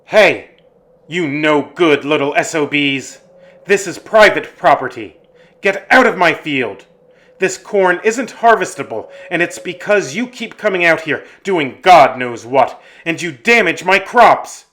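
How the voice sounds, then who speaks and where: A man voicing an angry, drunken middle-aged farmer who yells at trespassers. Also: fairly high pitch, expressive, unhurried, pitched above the performer's own voice. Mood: furious yelling. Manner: yelling, furious.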